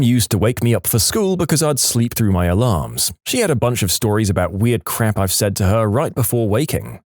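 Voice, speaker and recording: A man reads odd little stories aloud with a lively, bouncing voice, his pitch swooping up and down. He sounds close to the mic in a dead, dry room. His telling is playful and expressive. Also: moderate pace, hardly any pauses, no echo. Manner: expressive storytelling with playful acted quotes. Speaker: storytelling channel narrator. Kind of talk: reading submitted stories aloud.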